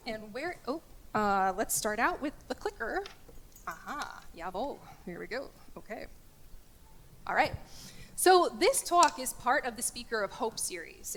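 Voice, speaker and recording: A woman giving a candid, lively lecture as a guest speaker, joking with her audience. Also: a little high. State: getting choked up. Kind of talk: lecture talk. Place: large church. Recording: echoey church hall.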